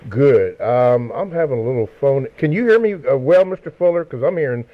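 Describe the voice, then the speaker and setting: A man hosting a live radio interview, speaking hesitantly with frequent pauses and fillers. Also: medium pitch, animated. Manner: hesitant, with many fillers and restarts. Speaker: radio host. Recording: narrow radio broadcast sound.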